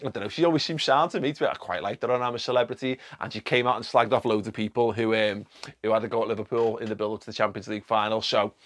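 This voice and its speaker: A man hosting a podcast in a casual commentary monologue, animated and sweary, laughing often and using many fillers. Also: on the low side, very fast. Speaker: podcast host.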